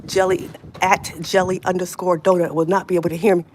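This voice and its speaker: A middle-aged woman hosts a livestream outdoors in the snow, chatting casually and laughing often. Her voice is on the low side, fairly quick, with little pitch movement, and faint wind can be heard behind her.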